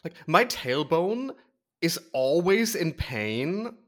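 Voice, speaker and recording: A young man co-hosting a podcast who plays up mock outrage and drama. His voice sits a little high and leaps around in pitch, giving every line a theatrical bounce. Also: big pitch swings, slow. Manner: dramatic, playfully indignant. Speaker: podcast co-host. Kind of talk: casual banter.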